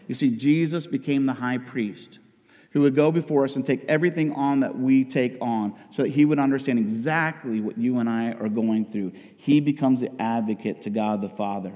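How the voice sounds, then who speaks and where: A man preaching a sermon as pastor, swinging between loud emotional outcries and hushed intensity. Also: mid-range voice, normal speed, long reverb tail, lo-fi sound.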